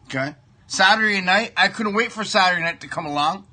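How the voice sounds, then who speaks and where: A man's voice: high-pitched, a little fast, sharp tone. A middle-aged man, hosting a comic sports show and ranting with lots of swearing while he eats. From Toronto, Canada. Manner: profane, ranting, repeats himself; talks while eating pie. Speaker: show host.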